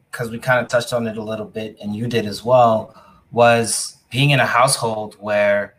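A man interviewing a guest, measured and often checking in with "right?". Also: medium pitch, a bit bright, low-quality recording. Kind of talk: interview questions.

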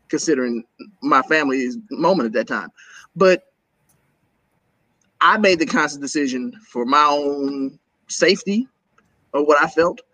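Man, interview guest, slightly high pitch, animated and laughing, dry close mic. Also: breathy edge, no room sound, poor audio. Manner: animated, laughs often, rapid asides. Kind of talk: casual interview talk.

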